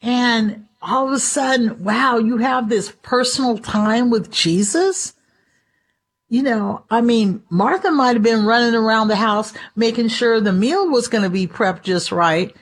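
Woman preacher, high-ish voice, chatty sermon style, acts out quotes. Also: a little slow. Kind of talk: conversational devotional sermon.

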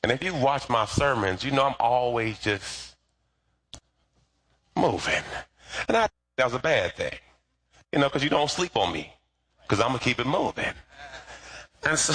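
Husky, animated preaching man. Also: medium pitch, normal speed, long pauses. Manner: lively, colloquial preaching with asides to the congregation. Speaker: pastor. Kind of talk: sermon.

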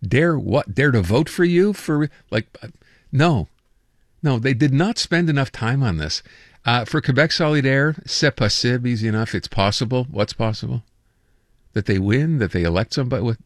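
A man's voice: medium pitch, animated, moderate pace, no room sound, studio quality. A man hosting a call-in radio show, chatting casually and reading listener texts aloud with amusement. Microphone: studio microphone.

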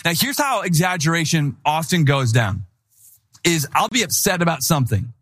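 A middle-aged man preaching a sermon in an animated, conversational way, with playful impressions of people. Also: fairly high pitch, normal speed. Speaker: pastor.

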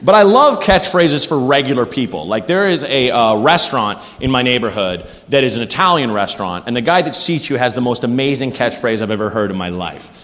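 A man performing a stand-up comedy set on a club stage, animated and crude, acting out voices. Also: medium pitch, a little fast, few pauses. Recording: reverberant noisy club recording.

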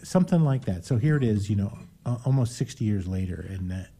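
Husky older man reminiscing. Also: lowish voice, animated, mellow. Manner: reminiscing, halting, with many fillers. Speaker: host. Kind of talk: casual chat.

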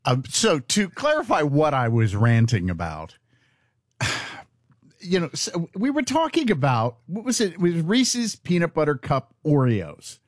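A man with a somewhat high, very lively voice holds forth on a radio talk show. He rants in exasperation, his pitch leaping up in outbursts. The studio sound is close and dry. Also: measured pace, dry recording. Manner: exasperated ranting with rising outbursts.

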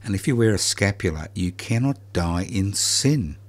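A man's voice: low-pitched, animated, normal speed. A man hosting a radio chat, teasing his guest in a dry, joking way. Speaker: radio host.

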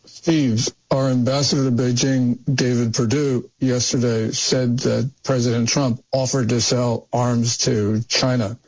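A man's voice: mid-range voice, little pitch movement, darkish tone. A man on a talk-show panel putting pointed questions to a guest one after another. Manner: pointed, rapid-fire questions. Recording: dull, lo-fi audio.

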